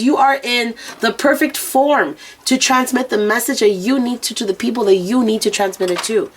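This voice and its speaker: A woman's voice: a little high, moderate pace, few pauses, breathy edge. A woman gives an intuitive spiritual reading outdoors, addressing the viewer directly. She is blunt and unfiltered, with frequent swearing. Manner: frank and profane, speaking straight to the viewer. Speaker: oracle and rune reader. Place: outdoors near planes and traffic.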